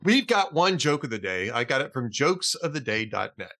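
A man's voice: mid-range voice, big pitch swings, moderate pace, fairly bright tone. A man hosting a podcast in casual chat, telling jokes and chuckling as he reads. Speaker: podcast host.

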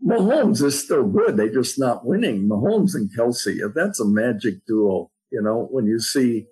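Husky-voiced man in casual chat. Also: mid-range voice, lively intonation, unhurried, mellow, low-quality recording. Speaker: weekly guest.

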